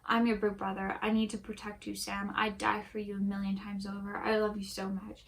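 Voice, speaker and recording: A woman's voice: medium pitch, completely flat delivery, brisk, vocal fry, fairly bright tone. A woman reading a fanfic aloud, voicing a self-sacrificing older brother who pleads tenderly, in a voice close to her own. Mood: pleading.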